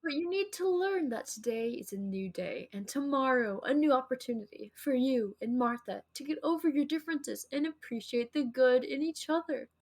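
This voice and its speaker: A woman's voice: sits high, moderate pace, few pauses, a little mellow. A woman co-host chatting casually and reading along on a stream, with playful reactions and laughter.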